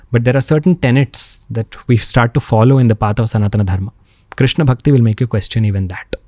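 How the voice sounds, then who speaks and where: A man, speaking as a podcast guest. He tells spiritual stories earnestly and expressively, pausing and repeating words for emphasis. His voice sits at an ordinary middle pitch, close to the mic in a dry, dead room. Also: darkish tone, no echo. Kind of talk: spiritual storytelling.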